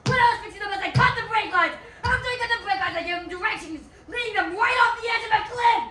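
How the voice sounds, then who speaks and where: Stage villain: shrill, fast, vengeful coach played by a woman, echoey theatre from far off. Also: background noise. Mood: ranting. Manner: ranting, vengeful confession. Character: spiteful scheming rival coach, woman. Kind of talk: live stage play acting.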